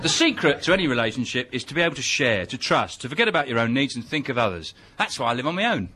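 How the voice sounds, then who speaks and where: Dry deadpan comic. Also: male voice, medium pitch, fast, slightly rough. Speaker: comedian. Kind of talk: stand-up monologue.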